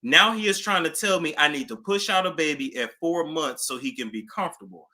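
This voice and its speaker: A woman hosting a casual celebrity gossip talk, animated, with nervous laughter and dramatic gasps. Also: low-pitched, brisk.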